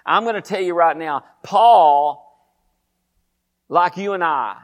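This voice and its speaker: A man preaching a sermon, talking fast and emphatically, often repeating phrases. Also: sits high.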